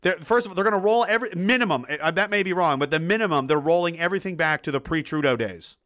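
On a casual stream, a middle-aged host reads out viewer comments and rants with blunt profanity. His bright, forceful voice is high-pitched, fast, and lively in intonation, and he rambles, stumbles into restarts, and bursts out heatedly.

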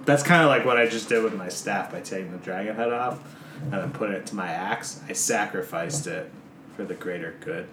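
A man's voice: lowish voice, a little fast, background noise. A man playing in a tabletop game, playful as he describes his character's actions. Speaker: player. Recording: roomy sound with faint music.

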